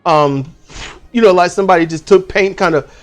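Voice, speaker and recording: A man telling a story at home in a casual, animated way, swearing freely and acting out the people he quotes. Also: sits high, normal speed, faint music behind. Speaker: channel host.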